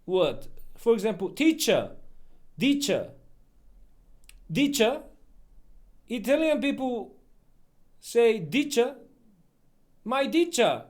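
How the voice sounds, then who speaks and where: A man live streaming, slowly joking over clips and repeating words. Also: very high-pitched, big pitch swings. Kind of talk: reaction stream commentary.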